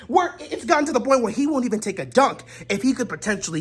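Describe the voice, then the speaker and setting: A woman delivering a heated sports rant, exasperated and repeatedly shouting in disbelief. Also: a little high, sing-song, fast talker, breathy edge. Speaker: sports commentator.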